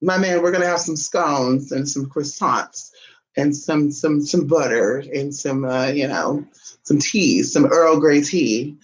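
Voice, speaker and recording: Chatting casually to camera, this woman vlogger is sassy and talkative, addressing listeners as "honey" while her voice swings high and low. Her pace is measured, and the recording quality is low.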